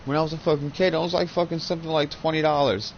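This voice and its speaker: Profane rambling gamer on a headset. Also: male voice, fairly high pitch, steady tone, fast, highs cut off, a little hiss or hum. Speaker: gaming channel host. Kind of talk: casual chat while gaming.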